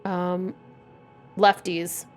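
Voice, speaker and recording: A woman's voice: lowish voice, flat delivery, extremely slow, faint music behind. A woman in her forties streaming a game, chatting casually with a profane, wry manner. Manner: profane, wry, reading game text aloud. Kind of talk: casual gameplay commentary.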